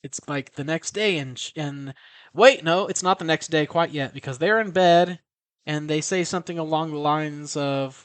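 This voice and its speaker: A man with a fairly high voice casually walks through a horror film's plot. He rambles, swears freely and keeps correcting himself, trailing off with shrugs. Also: normal speed, smooth, dry recording. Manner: rambling, profane, self-correcting. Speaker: film recapper. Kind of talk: casual film recap.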